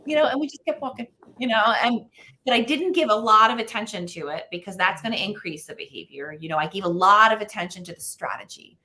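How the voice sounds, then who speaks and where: A woman parenting expert, a guest on an interview show, explaining strategies and telling anecdotes in an animated way with frequent fillers. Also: mid-range voice, fast talker. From United States. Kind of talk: conversational interview.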